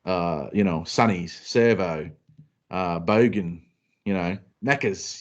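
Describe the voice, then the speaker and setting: A man co-hosting a casual chat show, telling travel stories in an animated, self-deprecating way. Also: deep voice, slow pace, lo-fi sound. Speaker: podcast co-host.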